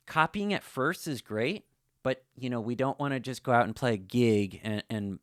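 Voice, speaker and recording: A man's voice: medium pitch, dry recording, clean studio sound. A man giving a casual, conversational guitar lesson, full of "you know" fillers. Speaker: slide guitar teacher.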